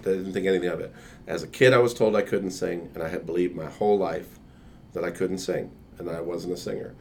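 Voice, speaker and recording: A man with a deep baritone voice telling a lively anecdote in casual conversation. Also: fairly quick, slight background noise. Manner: animated anecdote-telling with laughs and quoted voices. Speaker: guest. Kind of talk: casual storytelling.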